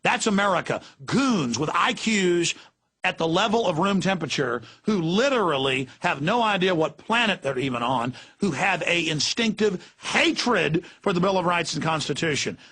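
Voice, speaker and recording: A man's voice: sits high, lively intonation, moderate pace, pushed and bright, breathy edge. A middle-aged man hosting political talk radio, ranting in a fiery, emphatic way. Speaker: radio talk show host.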